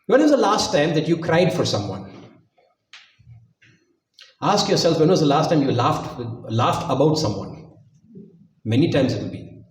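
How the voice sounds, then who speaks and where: A man's voice: fairly high pitch, sing-song, normal speed, pauses often. A man preaching a sermon, acting out quotes with jokey asides. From India. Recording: echoey hall, mic from a distance.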